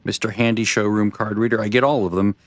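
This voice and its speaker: A man's voice: fairly low pitch, fairly even intonation, fast talker, no echo. Rambling man narrating his gameplay. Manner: rambling, self-deprecating. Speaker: streamer. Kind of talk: casual gameplay commentary.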